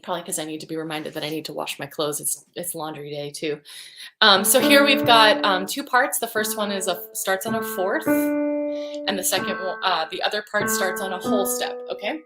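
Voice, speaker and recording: Relaxed woman voice coach running a livestream warm-up, encouraging and chatty, bit of music faint behind her. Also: medium pitch, normal speed. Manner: relaxed, encouraging, chatty between sung demonstrations. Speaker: vocal coach.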